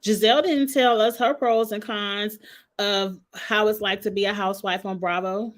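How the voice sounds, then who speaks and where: A sassy woman in her 40s hosts a casual reality TV recap, gossiping and addressing the people she discusses directly. Her medium-pitched voice stays steady and moves at a normal speed.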